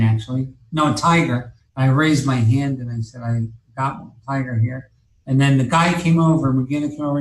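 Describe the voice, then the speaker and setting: Rambling, profane man in an echoey room. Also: medium pitch. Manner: rambling, profane, many restarts and fillers. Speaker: guest telling his story. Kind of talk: casual storytelling.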